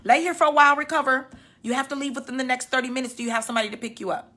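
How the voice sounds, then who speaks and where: A woman's voice: sits high, steady tone, pushed and bright, voice pushed up. A woman putting on the voice of an indifferent clinic nurse who speaks curtly and in a hurry. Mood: brusque. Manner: curt, hurried.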